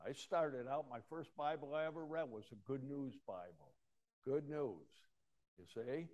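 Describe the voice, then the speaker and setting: A man preaching a folksy sermon, acting out Bible scenes with sudden swings from loud to hushed. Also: mid-range voice, a little slow, highs cut off. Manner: folksy storytelling, acting out voices with big swings of loudness. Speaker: pastor.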